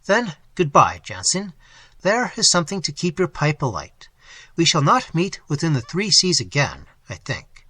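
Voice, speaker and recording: A man voicing a bold highwayman captain who gives brisk, clipped commands in a storybook reading. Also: huge pitch swings, pushed and bright, breathy edge, no room sound, full character voice. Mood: commanding.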